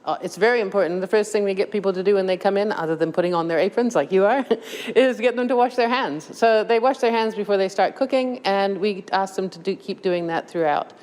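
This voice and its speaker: A woman's voice: medium pitch, fairly quick, few pauses, a little mellow, in a large hall. A woman from Canada, a cooking teacher, explaining recipes in a live interview and laughing often. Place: cooking school kitchen.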